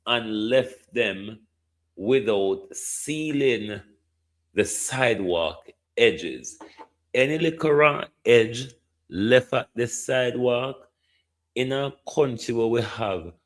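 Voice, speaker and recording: A Jamaican man giving indignant political commentary, slipping between patois and standard English. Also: medium pitch. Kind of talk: opinion commentary.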